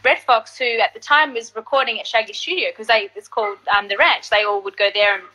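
A woman singer telling stories in an animated, casual way during an interview. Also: a little high, fairly quick, rough recording. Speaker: singer and guest artist.

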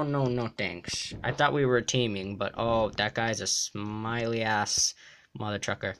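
A young man giving excited gameplay commentary, jumping between mumbling and sudden yelps and shrieks. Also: medium pitch, a little slow. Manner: jumpy, yelps and shrieks when threatened. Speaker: gaming YouTuber.

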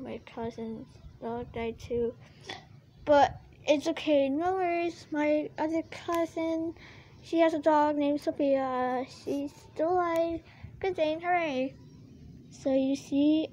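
Female vlogger, high voice, unhurried delivery, casual rambling chat, lots of ums, faint background noise. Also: mellow. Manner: rambling, many fillers and restarts. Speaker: toy collector vlogger.

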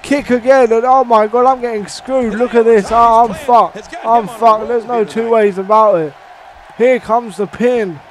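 A man commenting on his own wrestling game play, swearing and reacting loudly to every move. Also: very high voice, steady tone, normal speed, a faint crowd. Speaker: gamer playing a wrestling game. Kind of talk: excited let's-play commentary.

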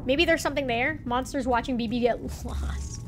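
A woman's voice: sits high, moderate pace, noisy background. A woman streaming a horror game, talking to her chat and swearing in flustered bursts as she gets lost and scared. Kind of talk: live gameplay commentary.

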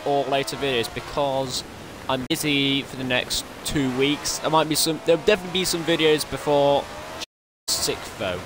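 A man excitedly commentating his own racing game play, breaking into strings of repeated exclamations. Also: medium pitch, noisy background. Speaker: gaming streamer. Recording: game music behind.

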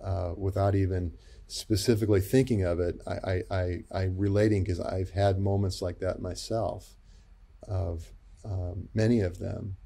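Low, mellow male guest; gentle, reflective pastor type, halting delivery. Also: fairly even intonation, creaky. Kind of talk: interview conversation.

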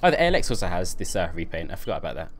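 A man's voice: low voice, big pitch swings, rapid-fire, slight background noise. A young man chatting on a live stream while playing a game, reading and answering his chat and laughing often.

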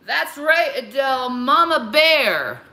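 A woman's voice: high voice, sing-song, takes it slowly, bright, forceful tone. A woman ranting on a livestream, furious and profane, confronting her critics head-on. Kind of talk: angry livestream rant.

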